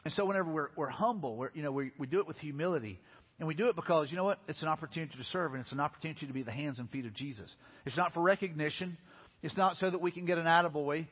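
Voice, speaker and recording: A man's voice: fairly high pitch, rapid-fire, husky. A man preaching a sermon as pastor in a casual, conversational way, talking straight to the congregation. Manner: casual, conversational preaching with lots of "hey, listen" and "you know". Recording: long hall reverb, dull lo-fi sound.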